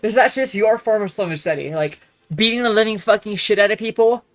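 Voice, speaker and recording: Shouty young man ranting. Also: high voice, a little fast, soft background music. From Texas. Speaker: vlogger. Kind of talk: loud ranting monologue.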